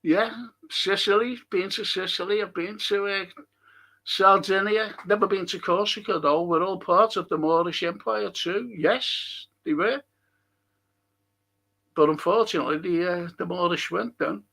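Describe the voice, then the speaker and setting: Middle-aged Liverpool man, high gravelly voice, chatty and opinionated stream host reading out viewer comments. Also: measured pace, bright, forceful tone. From England. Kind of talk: casual live-stream chat.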